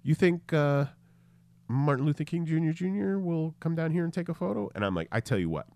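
A man's voice: a little high, animated, a little fast, a little mellow, dry recording. A man hosting a podcast, telling a story in a casual chat, acting out the voices and laughing often. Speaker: podcast host.

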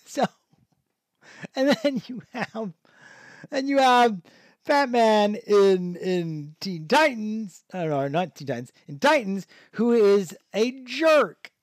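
A man's voice: sits high, lively intonation, slow pace, pauses often, no room sound, studio quality. A man hosting a podcast, reviewing in a rambling, casual way with lots of fillers, restarts and chuckling asides. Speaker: podcast host.

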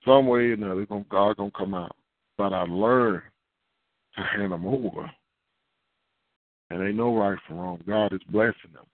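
A man preaching a sermon as a pastor, animated and acting out little dialogues, with repeated words. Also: fairly low pitch, moderate pace, long pauses, dry recording. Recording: tinny phone-like line.

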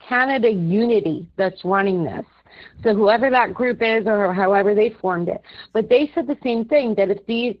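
A woman's voice: on the high side, lo-fi sound. A woman in casual chat, unsure and hedging her points with "I think" and "I guess".

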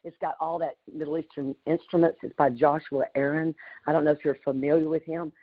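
Animated woman telling a story. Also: sits low, brisk, narrow, tinny audio. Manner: animated, warm storyteller with laughs and exclamations. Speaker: community call participant. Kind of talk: casual storytelling on a group call.

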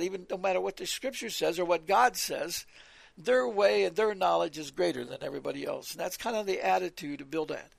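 A man's voice: high-pitched, fairly quick, creaky, dry recording. A man giving an earnest Bible teaching in a sermon style, reading verses aloud and often repeating his words. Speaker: preacher.

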